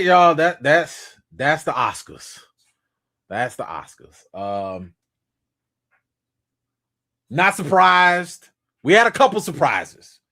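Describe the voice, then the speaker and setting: A man hosting a casual livestream, talking in laid-back slang, bursting with excitement at times, and thanking his supporters again and again. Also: mid-range voice. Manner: effusive, thanks donors over and over. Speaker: livestream host.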